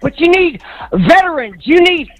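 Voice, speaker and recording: A female caller on a sports talk show, ranting hard. Her voice is high, and she keeps raising it to a shout, repeating herself to hammer each point home. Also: sing-song, normal speed, poor audio. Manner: fired-up, shouting, repeats for emphasis. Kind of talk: heated call-in rant.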